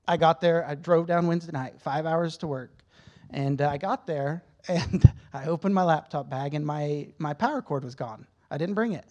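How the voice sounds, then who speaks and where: His voice is on the high side and a little mellow as he gives a church a frank, conversational testimony in sermon style. He gets emotional at points and keeps correcting himself by starting sentences over.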